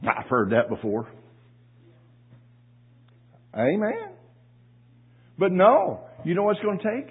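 Speaking slowly with long pauses and wildly swooping pitch, a husky male pastor whose voice sits somewhat high tells folksy stories in his sermon. Repeated words trip him up before he rises into loud cries of praise, all heard through thin, narrow, phone-like audio.

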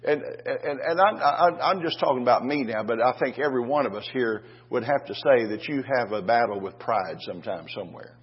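A husky-voiced older male pastor preaches in a homespun, storytelling way and keeps checking in with his congregation. The recording is dull and lo-fi. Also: medium pitch, brisk, few pauses. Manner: folksy, restarts with "and, uh", asks "Amen?" of the congregation. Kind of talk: sermon.

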